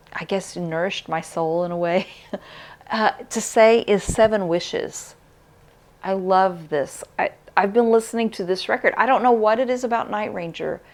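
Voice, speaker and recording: A middle-aged woman hosting a vinyl record channel, talking casually to camera in a reflective, heartfelt way, often pausing with "uh" and "um.". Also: mid-range voice, a little mellow.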